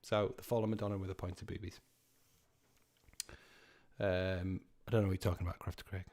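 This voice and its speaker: A man in his thirties hosting a live pub quiz, chatty and sweary, repeating each question slowly. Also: low voice, little pitch movement, a little mellow.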